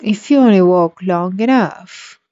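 A woman voicing a grinning, calm and riddling cat in a storybook reading, unhurried and matter-of-fact, on a dull lo-fi recording. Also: medium pitch, no room sound, close to an everyday voice.

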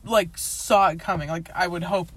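A woman's voice: on the low side, steady tone, moderate pace, no echo. A young woman casually telling a personal story, rambling with lots of filler words, laughing often and swearing. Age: young adult. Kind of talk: casual chat.

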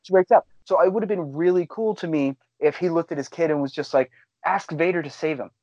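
Animated man telling stories, dry dull sound. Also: on the high side, fast, dry recording. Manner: animated storyteller, acts out quotes. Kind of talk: casual chat.

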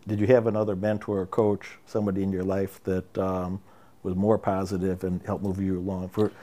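Mellow low-voiced male interviewer. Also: little pitch movement, a little fast. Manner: rambling, winding questions. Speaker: interview host. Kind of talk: interview questions.

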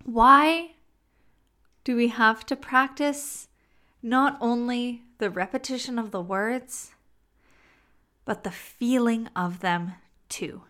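A woman with a fairly high, bright voice teaches self-help ideas. She speaks slowly and deliberately, pausing for emphasis. She slips in playful asides along the way. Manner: slow, deliberate delivery with playful asides and laughter. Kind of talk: motivational teaching monologue.

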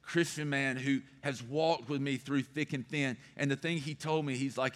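A man's voice: mid-range voice, fairly even intonation, normal speed, few pauses. A middle-aged man, a pastor preaching a sermon in an earnest, personal way with emphatic repetition. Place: church sanctuary. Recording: long hall reverb.

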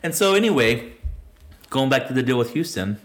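This man co-hosts a podcast, chatting casually and profanely about politics in a rambling way, often restarting sentences and laughing at his own jokes. His mid-range voice is a bit bright, sing-song, and a little fast.

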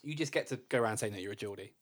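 A man's voice: lowish voice, rapid-fire. A man co-hosting a casual podcast chat, teasing his friend and swearing freely. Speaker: podcast co-host.

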